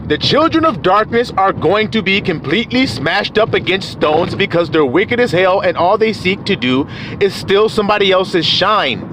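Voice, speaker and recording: A man preaches in a high, wildly swinging voice, jumping from shouts down to low, quiet asides. His rant is coarse and full of street slang, and a faint hum of noise runs behind him. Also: animated, normal speed. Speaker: self-styled preacher. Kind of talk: fiery profane scripture rant.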